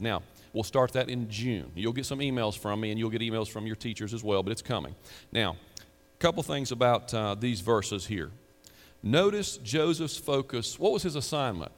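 Middle-aged man preaching a sermon in a reverberant hall. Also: medium pitch. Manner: conversational preaching with rhetorical questions and asides. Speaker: pastor.

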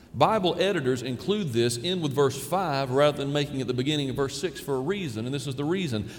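A male pastor preaching a sermon in a conversational, emphatic way, repeating key phrases for stress. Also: fairly high pitch. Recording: long hall reverb, faint room noise.

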